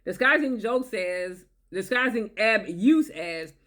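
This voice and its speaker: A woman's voice: mid-range voice, animated, slow pace, fairly bright tone. Emphatic woman giving dating warnings. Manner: emphatic, repetitive, checks in with "okay?". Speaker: relationship advice vlogger. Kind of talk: direct-to-camera advice talk.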